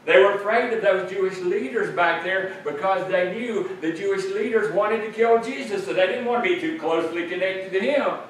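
A man's voice: high-pitched, moderate pace, hardly any pauses. A man preaching a sermon, explaining a passage earnestly and repeating phrases for emphasis. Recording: very echoey room, mic at a distance, faint noise.

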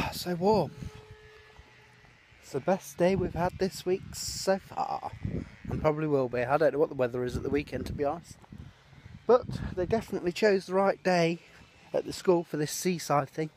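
A man's voice: a little high, a little mellow, slight background noise. Rambling dad vlogging on his phone. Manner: chatty and rambling, with many trailing fillers. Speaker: family vlogger. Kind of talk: casual vlog chat to camera. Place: at home, indoors and in the garden. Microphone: phone camera held by the speaker.

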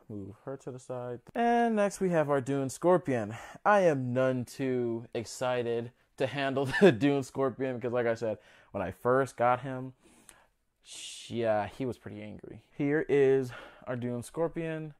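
A young man casually narrating a home vlog as he handles his pets, chatty and a little nervous. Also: medium pitch. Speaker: pet keeper vlogger.

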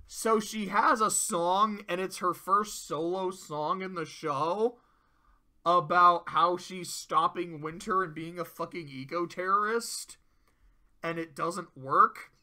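Male reviewer, casual, animated and profane, high bright voice, slips into quick character voices. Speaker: show reviewer. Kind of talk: casual tier-list commentary.

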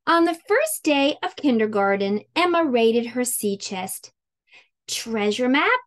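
A woman teaching a children's craft with chatty step-by-step instructions, then reading a picture book aloud with animated storytelling. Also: a little high, unhurried. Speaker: teacher hosting a kids' summer camp channel.

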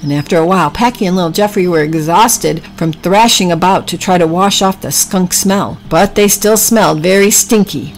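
Woman, children's story narration, gentle, faint music behind. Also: on the low side, rough recording. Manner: gentle, drawn-out emphasis.

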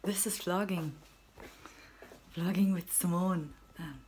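A woman's voice: lowish voice, steady tone, slow, darkish tone, a little hiss or hum. A young woman with a German accent, chatting in a rambling, self-mocking vlog with giggles and whispered asides. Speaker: vlogger. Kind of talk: casual vlog chat.

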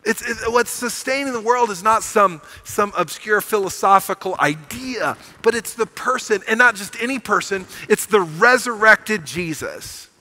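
High, bright-voiced preacher man. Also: normal speed, few pauses, poor audio. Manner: animated storytelling, rising to emphatic proclamation. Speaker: pastor. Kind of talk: sermon. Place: church sanctuary.

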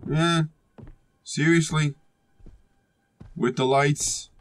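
A man's voice: fairly high pitch, steady tone, very slow, no echo. Sarcastic man cursing through a horror game. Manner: profane, sarcastic, talks back to the game. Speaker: gameplay streamer. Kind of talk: casual horror game commentary.

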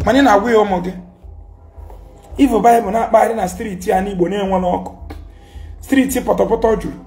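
A man's voice: high-pitched, fairly even intonation, brisk, warm tone. A Nigerian man with an Igbo accent, ranting and scolding in a heated social media monologue, mixing Igbo and English and repeating his points. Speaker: commentator.

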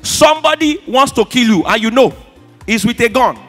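A man with a Nigerian accent doing stand-up comedy on an awards show stage, shouting punchlines and mimicking squealing fans. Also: extremely high pitch, expressive, normal speed, faint music behind.

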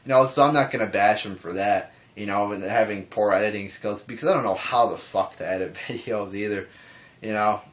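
Young man, lowish voice, calm, rambling, many fillers, casual swearing, vlog to camera. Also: brisk. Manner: calm, even talking voice. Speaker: wrestling YouTuber.

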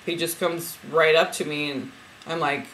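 A woman who reads spiritual cards, chatting to camera as she retells a dream, rambling with lots of fillers and restarts and getting emotional and excited. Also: deep voice, normal speed, slight background noise, rough recording. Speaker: spiritual card reader.

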